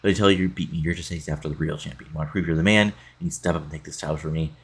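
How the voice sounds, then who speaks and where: A man's voice: extremely low pitch, fairly even intonation, racing, husky, heavily acted. A man reading out the lines of a cocky male wrestling champion defending his title. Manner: confident, read aloud plainly.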